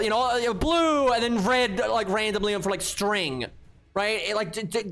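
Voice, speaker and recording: A man's voice: sits high, a bit bright, slight background noise. A man streaming live, giving blunt, exasperated and profane commentary while talking to his chat. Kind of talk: casual livestream commentary.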